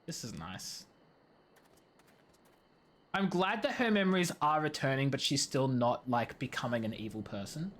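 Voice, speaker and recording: Animated rambling woman streamer. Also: a bass voice, moderate pace, pauses often. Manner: chatty, animated, rambling tangents and giggling. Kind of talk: gaming stream commentary.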